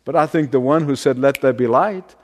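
Chuckling preacher in a reverberant hall. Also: male voice, mid-range voice, fairly quick. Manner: storytelling, chuckles often, drops to quiet prayer. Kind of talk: sermon.

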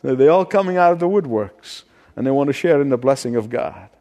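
A man preaching a sermon, telling a story with frequent chuckles and easing into quiet prayer. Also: mid-range voice, expressive, fairly quick, in a large hall.

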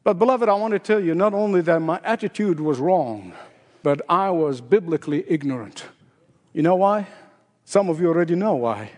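An older male pastor delivers a sermon in a high, emphatic voice, repeating key phrases and lifting his pitch to drive them home. His words ring out with a long reverb tail, as in a large hall. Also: animated, normal speed, a little mellow.

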